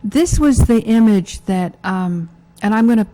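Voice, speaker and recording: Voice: medium pitch, animated, a little slow, dark tone. A studio co-host chatting casually with the host in brief, laughing interjections, heard from off the mic. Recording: voice from far off the mic.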